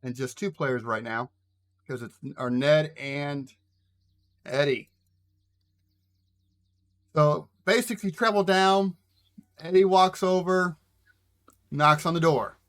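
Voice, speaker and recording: A man's voice: a little high, steady tone, takes it slowly, long pauses, a bit bright. A man running a tabletop game as game master, narrating casually with frequent fillers.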